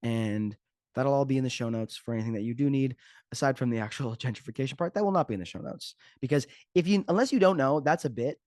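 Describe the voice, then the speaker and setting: A man's voice: medium pitch, fast talker, darkish tone, no echo, clean studio sound. A man hosting his own podcast as a fitness coach, talking casually and joking off the cuff. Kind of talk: casual solo podcast talk.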